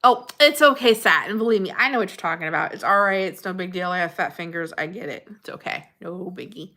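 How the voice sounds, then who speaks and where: A female livestream host keeps things relaxed and unscripted, reading viewer comments, answering people by name, gushing openly and laughing often. Her voice sits lowish yet sounds bright and clear, her tone is friendly, and she talks fast.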